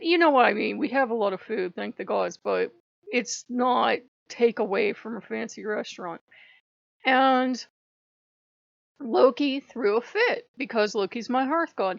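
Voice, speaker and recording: Gravelly-voiced woman rambling casually. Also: a little high, no room sound. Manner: rambling, profane, laughs often. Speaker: spiritual channel host. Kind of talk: casual vlog monologue. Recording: dull lo-fi, dry.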